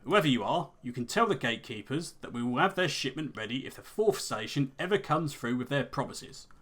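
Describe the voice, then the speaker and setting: A man's voice: mid-range voice, animated, a little fast, fairly bright tone. Surly overseer, read by a man doing a voice, short-tempered, game dialogue. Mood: irritated. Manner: irritable, defensive.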